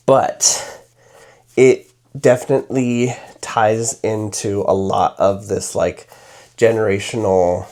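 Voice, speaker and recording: A man chats through a book review while applying makeup, in a low-pitched, slow voice. He rambles, leans on fillers and corrects himself often. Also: warm tone.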